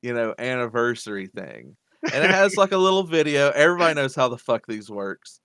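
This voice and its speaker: A man co-hosting a podcast in casual chat, animated and laughing often as he tells stories. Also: mid-range voice, brisk, clear, resonant tone, no room sound. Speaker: podcast co-host.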